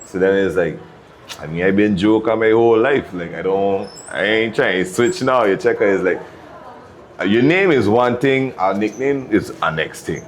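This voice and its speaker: Deep-voiced Virgin Islands man, laid-back. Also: normal speed, slight background noise. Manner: laid-back, tags lines with "you check?", laughs often. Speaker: DJ and music producer. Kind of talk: casual interview storytelling.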